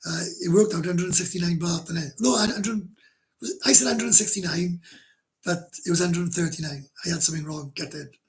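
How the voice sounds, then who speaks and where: Here a middle-aged man from Wales, his voice sitting high and moving a little fast, runs a casual livestream and goes through comments. His chat with viewers is blunt and rambling, full of free swearing and frequent laughs.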